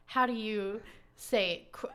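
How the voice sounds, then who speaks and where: Smooth-voiced chatty woman podcaster. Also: mid-range voice, slow, pushed and bright. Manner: chatty, acts out quotes, laughs often. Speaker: podcast co-host. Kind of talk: casual chat recapping a dating show.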